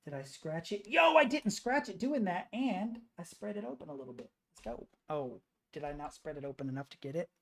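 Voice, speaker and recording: A woman streaming live and chatting casually to her viewers. She swears freely and mutters to herself, then bursts out loud. Her voice sits a little low. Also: a little fast. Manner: swearing, excitable, muttering between outbursts.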